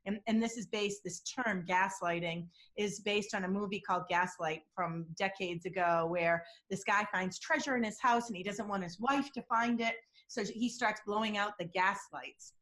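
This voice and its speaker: Animated woman telling vivid examples. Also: mid-range voice, normal speed, hardly any pauses. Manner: animated storytelling, acts out quotes. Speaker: body language and deception expert guest. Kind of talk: interview answers with examples.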